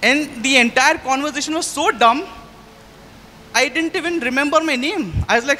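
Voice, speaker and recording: A young man performing a story live, chatty and animated, speaking straight to the audience and shifting his pace for effect. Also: extremely high pitch, normal speed, a little hiss or hum. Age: young adult. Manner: chatty, addresses the audience directly. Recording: hall reverb.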